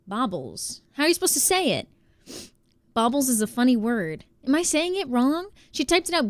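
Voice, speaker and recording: A woman's voice: high-pitched, very animated, moderate pace, dry recording. A woman with an American accent, chatting casually on a live stream, bubbly and greeting viewers by name. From United States.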